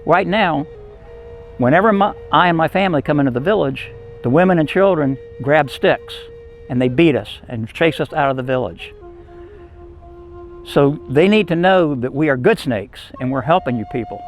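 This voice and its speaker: A man's voice: fairly high pitch, expressive, normal speed, faint music behind, rough recording. A helpful male snake from a told folk tale, laying out his offer in a reassuring, persuasive voice, as a man storyteller puts him on. He sounds a little raised and keen.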